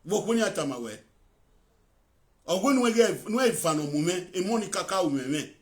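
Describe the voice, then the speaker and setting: A man with a Nigerian accent hosting a live video talk show. He speaks briskly and chimes in with short replies. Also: high-pitched, expressive.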